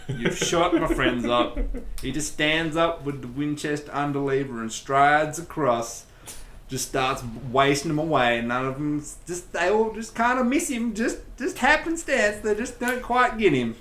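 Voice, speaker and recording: Young guy rambling about stuff on a let's play, bright voice, echoey room. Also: a little high, normal speed, a little hiss or hum. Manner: rambling, animated storytelling. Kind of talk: casual gaming chat.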